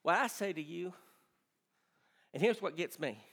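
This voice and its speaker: A man preaching a sermon with impassioned delivery that swings between shouting and hushed pleading. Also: high voice, animated, unhurried, slightly rough, in a large hall.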